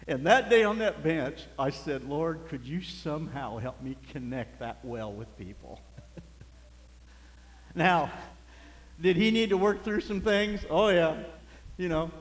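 A man's voice: on the high side, sing-song, measured pace. A man preaching a sermon, telling folksy stories and chuckling as he goes. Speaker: pastor. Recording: echoey hall.

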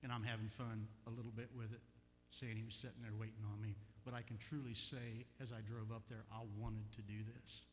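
An older man preaching a sermon as pastor, telling a personal story with animated swings from quiet asides to loud, emphatic peaks. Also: lowish voice, a little fast. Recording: echoey hall with faint hum.

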